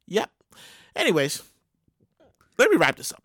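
A woman hosting her own show, giving animated, profane comedic commentary on news stories and repeating her words as she riffs. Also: fairly low pitch, slow, long pauses, husky, no echo, clean studio sound. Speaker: podcast host.

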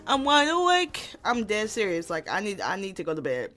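A woman's voice: medium pitch, faint music behind. A young woman from Gary, Indiana, hosting her own podcast in a brash, profane, teasing comedic monologue. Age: young adult. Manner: brash, profane and animated, quick to tease. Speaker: podcast host.

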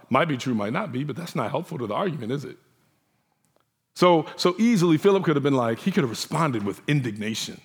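A man's voice: fairly high pitch, expressive, fast talker, breathy edge. A man preaching a sermon in a conversational way, acting out the voices of the people he quotes. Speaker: pastor.

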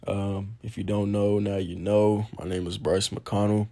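A young man opens his podcast in a casual, earnest way, padding his talk with "um" and "man". He sounds a little nervous. His voice sits low and stays fairly flat. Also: unhurried. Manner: earnest, informal, frequent "um" and "man". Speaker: podcast host. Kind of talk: casual solo podcast intro.

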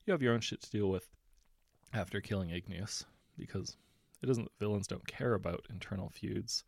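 A man narrating a second-person story in a measured, intimate way. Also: on the low side, creaky, darkish tone, breathy edge, no room sound.

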